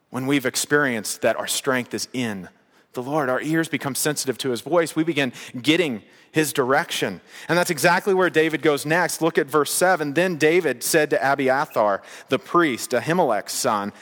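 Male pastor delivering a sermon; emphatic and rhythmic, slightly high pitch, church hall echo. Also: brisk, fairly bright tone. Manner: emphatic, repetitive preaching cadence.

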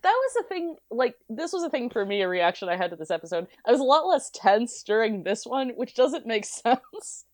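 A woman's voice: a little high, very animated, normal speed, hardly any pauses, no room sound. A woman co-hosting a podcast in casual chat, talking freely and laughing often. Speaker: podcast co-host.

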